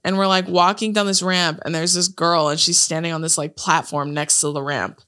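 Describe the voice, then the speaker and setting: A woman co-hosts a casual podcast, telling stories in an animated rush. She swears freely and laughs often. Her voice is bright and clear. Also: fairly low pitch, moderate pace. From Hawaii. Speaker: podcast co-host. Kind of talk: casual chat.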